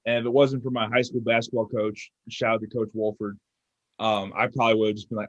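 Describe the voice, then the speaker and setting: A man's voice: medium pitch, fast talker, dry recording, lo-fi sound. A young man in his twenties, a fitness coach, telling a story in casual chat and acting out what people said. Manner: animated storyteller acting out quotes.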